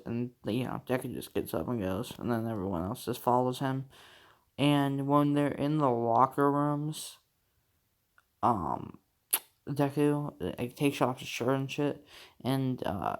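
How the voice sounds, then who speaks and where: A young man tells a fan-fiction story in a loose, unhurried way. He rambles, drifts off topic and swears, and his voice sits at an everyday middle pitch. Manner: rambling, full of fillers and swearing, laughs at his own story. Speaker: channel host.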